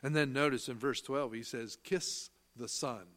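A man of medium pitch and fairly bright tone delivers a sermon slowly and emphatically. He reads scripture aloud in old-style language, interprets it, hits key phrases hard, and raises questions for listeners that he answers himself.

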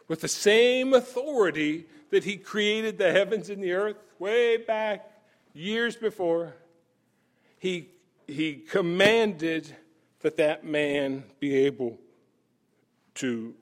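A man preaching a sermon, telling the story with chuckles, emphatic exclamations and shifts between soft and loud passages. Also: fairly high pitch.

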